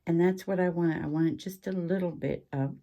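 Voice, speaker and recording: A woman hosting a relaxed craft show-and-tell, chatty and rambling, with frequent ums and asides. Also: fairly low pitch, moderate pace. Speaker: craft channel host.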